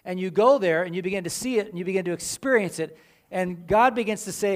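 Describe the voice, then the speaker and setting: A male preacher with a fairly high voice delivers an animated sermon full of stories. He leans on repeated phrases for emphasis and often restarts mid-sentence, rising and falling in intensity as he goes. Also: fast. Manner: animated storytelling with emphatic repetitions and frequent restarts. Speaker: preacher and missions leader.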